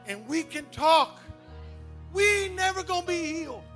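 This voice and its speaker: A man preaching a sermon in a church, with shouted, sing-song calls out to the congregation. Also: very high-pitched, animated, moderate pace, soft background music. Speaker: pastor. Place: church sanctuary.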